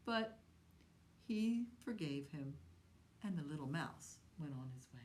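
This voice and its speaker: A woman hosting a library storytime, talking slowly and gently to young children as she tells fables. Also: sits low. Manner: slow, gentle and animated, talking to young kids. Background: autoharp she plays before the story.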